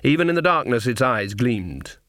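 A man's voice: mid-range voice, sing-song, moderate pace, fairly bright tone, no echo. Dry-voiced male audiobook narrator.

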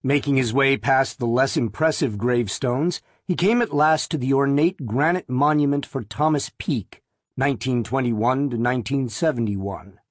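A man narrating an audiobook in a measured, deliberate reading voice. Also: medium pitch, no room sound, clean studio sound.

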